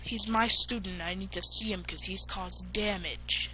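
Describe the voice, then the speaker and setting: A woman's voice: medium pitch, fairly even intonation, a little slow, pushed and bright, lo-fi sound, slight background noise. A woman doing Iruka, a stern male teacher.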